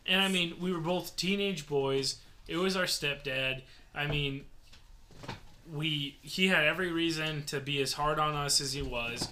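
A man's voice: fairly high pitch, unhurried, pushed and bright, slight background noise. A young man in his twenties chatting casually, telling family stories and acting out what people said. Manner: storytelling, acts out quoted voices. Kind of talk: casual chat.

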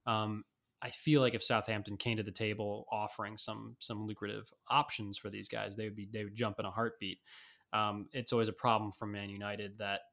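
A man talking through sports news on a podcast, low in pitch with a gravelly, creaky edge. He rambles, restarts and fills gaps with ums as he thinks aloud. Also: little pitch movement, a little fast, a bit bright. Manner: rambling, many fillers and restarts. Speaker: podcast co-host. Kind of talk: casual sports chat.

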